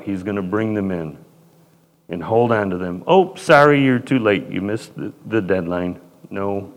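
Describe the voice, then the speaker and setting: A man preaching through a Bible passage, fervent, dropping into short prayers and swinging between loud emphasis and quiet. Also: on the low side, big-room sound. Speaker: pastor. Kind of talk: Bible-teaching sermon.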